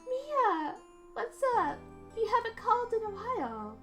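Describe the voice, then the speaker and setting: A woman doing perky high teenage girl. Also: sing-song, a little slow, pushed and bright, heavily acted. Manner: perky, teasing. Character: bubbly teenage girl, spirit medium's little sister. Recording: game music behind.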